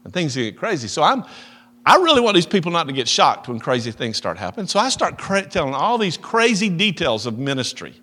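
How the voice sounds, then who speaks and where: A middle-aged man preaching a sermon, telling a story with loud emphasis and soft asides. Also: fairly high pitch, big pitch swings, fairly quick. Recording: long reverb of a large hall.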